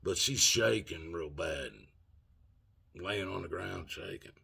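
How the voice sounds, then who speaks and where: A man's voice: low voice, slow pace, creaky, pushed and bright, breathy edge. A man of sixty telling a story in a rambling, folksy way with loose grammar. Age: 60s. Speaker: vlogger. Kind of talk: casual storytelling.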